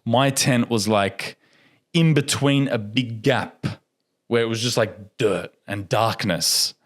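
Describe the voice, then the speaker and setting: Animated young man telling a story. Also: medium pitch, slow pace. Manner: animated, laughs often, acts out quotes. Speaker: podcast guest. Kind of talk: casual storytelling.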